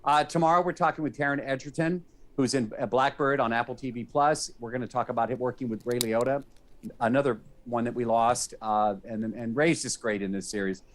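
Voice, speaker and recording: A man's voice: medium pitch, fairly even intonation, fairly quick. Emotional, grateful male TV presenter. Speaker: entertainment reporter. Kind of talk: casual on-air chat. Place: TV studio.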